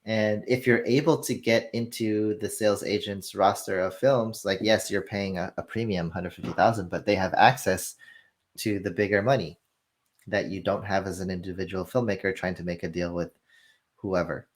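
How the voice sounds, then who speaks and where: A man casually explaining the film business as an interview guest, telling animated anecdotes and acting out the dialogue. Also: deep voice, normal speed. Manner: animated storytelling, acts out dialogue.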